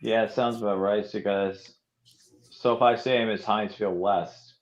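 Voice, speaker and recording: A man's voice: lowish voice, steady tone, a little slow, highs cut off. A man on a football podcast panel, making brash and confident picks. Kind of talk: casual sports chat.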